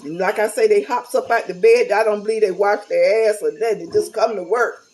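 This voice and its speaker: A woman's voice: medium pitch, fairly even intonation, a little fast, a little mellow, rough recording. Blunt woman venting to camera. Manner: candid, blunt, folksy, preachy. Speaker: vlogger. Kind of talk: casual talk to camera.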